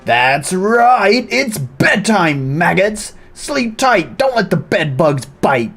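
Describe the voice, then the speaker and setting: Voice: medium pitch, sing-song, takes it slowly, fairly bright tone, husky, pitched above the performer's own voice, heavily acted. A streamer voicing a brash, crude cat-girl commander, barking drill-sergeant orders while reading game dialogue aloud. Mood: mock stern.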